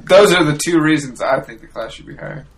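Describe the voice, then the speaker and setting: A man's voice: a little high, animated, brisk, noisy background. A man co-hosting a casual podcast, telling wry, rambling anecdotes. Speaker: podcast co-host.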